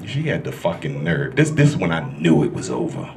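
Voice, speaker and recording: A man doing a stand-up comedy set in a club, loud and crude, working the crowd as he tells stories. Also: rumbling low, fairly quick, hardly any pauses. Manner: loud, crude, animated storytelling with crowd work. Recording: live club recording with room noise.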